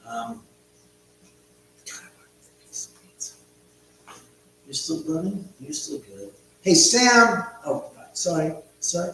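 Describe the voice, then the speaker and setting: Casting: chatty, foul-mouthed man hosting a late-night home livestream, very echoey room with faint hum. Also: medium pitch. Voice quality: rambling, profane, chatty. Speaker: livestream host. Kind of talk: casual livestream chat. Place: his own house, indoors.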